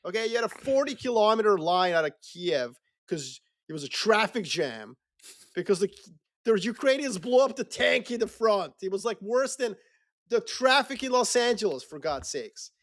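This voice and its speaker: A man talking politics in a loose, animated way, swearing freely and acting out quick mocking voices. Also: high-pitched. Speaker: podcast co-host. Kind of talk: casual geopolitical discussion.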